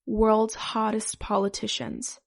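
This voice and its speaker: A woman's voice: medium pitch, little pitch movement, slow, gravelly. Woman doing a flirty, glamorous reporter. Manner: sweet, seductive.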